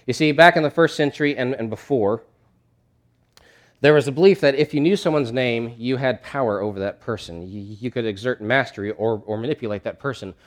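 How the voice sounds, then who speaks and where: A man's voice: mid-range voice, fairly quick. A man preaching a sermon in a conversational, emphatic way, often restarting his phrases.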